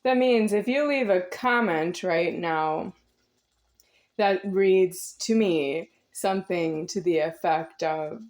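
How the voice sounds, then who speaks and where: A woman's voice: lowish voice, slow pace, darkish tone. A woman in her forties giving a rambling, confrontational spiritual monologue to her viewers, repeating herself intensely. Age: 40s. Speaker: vlogger.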